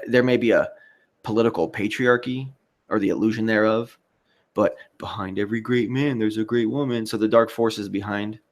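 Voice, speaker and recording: A man hosting a livestream, giving rambling, profane commentary and reading out chat comments. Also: fairly low pitch. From United States. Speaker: livestream host.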